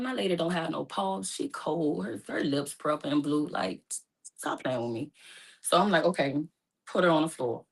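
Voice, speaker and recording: A woman with a slightly low voice tells a painful story of her own in loose, casual speech. When the memory gets hard her voice climbs sharply in pitch and loudness. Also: creaky, slightly rough. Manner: emotional, rising to high pitch when distressed; speaks casually with informal phrasing. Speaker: guest telling her story. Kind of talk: personal storytelling in conversation.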